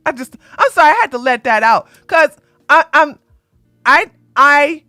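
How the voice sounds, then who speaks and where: A woman host doing live-stream commentary in an animated, sarcastic way, often breaking into laughter. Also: fairly high pitch, no echo, studio quality.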